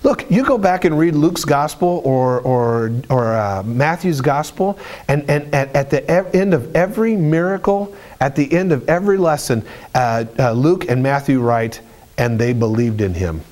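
A man preaching a sermon in an animated, storytelling way, with colloquial asides and frequent restarts. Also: on the high side, moderate pace.

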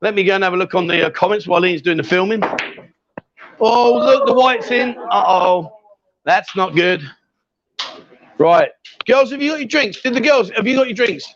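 Man, high voice, teasing bar host banter, live stream, muffled lo-fi sound. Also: moderate pace, long pauses. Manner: teasing, chatty, calls people sweetheart. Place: bar with a pool table. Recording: dull lo-fi stream audio.

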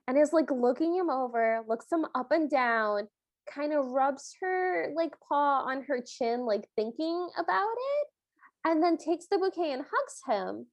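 Animated higher-voiced woman, dry close sound. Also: no room sound. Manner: animated, acts out characters' lines in quotes. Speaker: podcast co-host. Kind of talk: casual chat recapping a film.

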